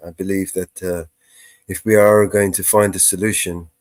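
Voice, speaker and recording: Man, deep-ish voice, dry close sound, blunt, swears a lot, rambling casual chat. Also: little pitch movement, normal speed, no room sound. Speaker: livestream co-host. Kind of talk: casual live panel chat.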